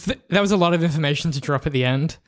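High-voiced wry man. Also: racing. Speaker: podcast co-host. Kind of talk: casual comedic chat.

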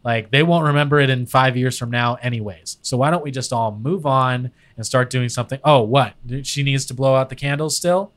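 A man's voice: medium pitch, brisk, few pauses, fairly bright tone. A man co-hosting an improv comedy game, teasing in a playful, mock-harsh way. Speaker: co-host.

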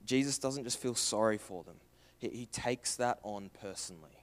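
Young aussie guy preaching, earnest, goes loud then hushed and soft, asks lots of questions. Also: lowish voice, normal speed. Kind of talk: sermon.

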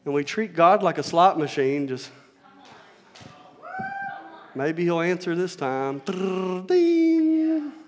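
Pastor, male, high-pitched, preaching with soft asides and shouted build-ups, reverberant hall sound. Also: slow, long pauses. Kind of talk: sermon.

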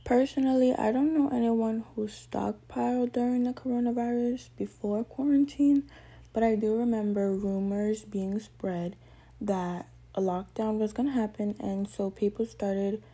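Woman, student presenter, mellow warm voice, earnest steady read, casual at times. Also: a little high, measured pace, slightly rough. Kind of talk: reading a prepared literature presentation.

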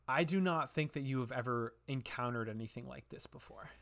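A man running a tabletop game as game master, describing scenes in an unhurried way with pauses. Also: mid-range voice, gravelly, fairly bright tone.

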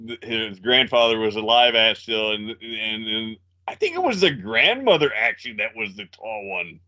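A man co-hosting a podcast, throwing sarcastic jabs and quick comebacks in casual banter. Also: on the low side, lively intonation, bright, forceful tone, highs cut off. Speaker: podcast co-host.

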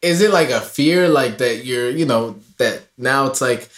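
A man's voice: medium pitch, expressive, measured pace, fairly bright tone. A man in casual chat, joking and answering with frequent yeahs, raised in Ireland. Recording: echoey room.

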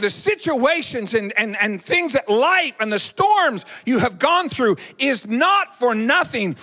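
A man preaching a sermon in an animated, dramatic way. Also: extremely high pitch. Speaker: pastor. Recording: echoey hall.

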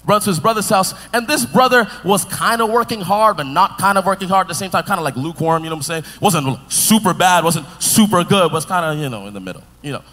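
Man, preacher, high-pitched, animated storytelling sermon, long reverb. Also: fast, few pauses. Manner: animated, playful, talks to the crowd.

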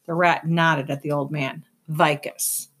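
A woman narrating a children's fantasy novel aloud, with expressive, lively storytelling. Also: lowish voice, normal speed. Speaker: audiobook narrator.

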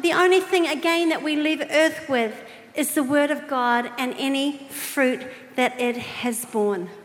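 A woman's voice: sits high, unhurried. A woman preacher delivering a sermon, chatty and playful, with humorous asides to the congregation. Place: large church auditorium. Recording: echoey hall with long reverb.

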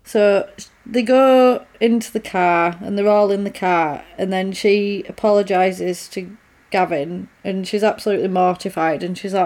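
Woman, podcast co-host, lively film recap, mid pitch. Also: unhurried. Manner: animated retelling with quoted voices. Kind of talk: casual film recap chat.

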